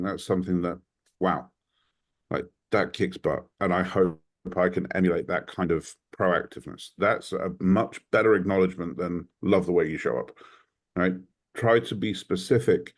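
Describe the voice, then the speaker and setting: A low-pitched British man talking on a video call. He speaks casually and with energy, filling his sentences with ums and likes. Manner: animated, frequent ums and likes. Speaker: community member sharing advice.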